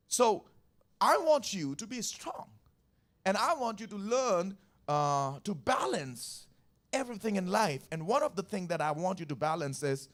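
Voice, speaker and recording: A man preaching a Sunday sermon as pastor, repeating phrases and putting questions to the congregation. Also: high-pitched. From India. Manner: emphatic, repetitive, questions the congregation. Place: church service.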